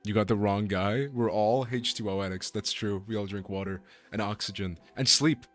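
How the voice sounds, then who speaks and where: A man's voice: fairly low pitch, steady tone, moderate pace, soft background music. A man streaming as a voice actor, chatting casually, joking and rambling and swearing freely. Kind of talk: casual livestream chat.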